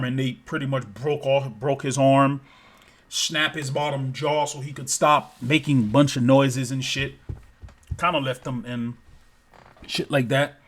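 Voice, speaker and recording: A man's voice: medium pitch, steady tone, unhurried, a bit bright. A man telling a story in a casual, improvised way: profane and rambling, acting out thuds aloud. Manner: profane, rambling, repeats sound effects.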